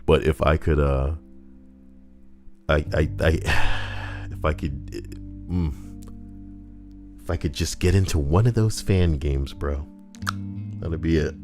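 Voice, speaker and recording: Deep-voiced guy joking crudely. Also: slow, pauses often, over music. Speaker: YouTuber reading Reddit posts. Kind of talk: casual commentary.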